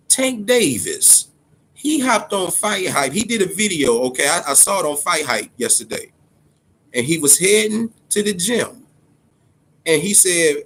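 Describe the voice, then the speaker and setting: Talking to his audience in a voice that runs a little high, this man delivers loose, foul-mouthed boxing commentary. He is animated and tends to say things more than once.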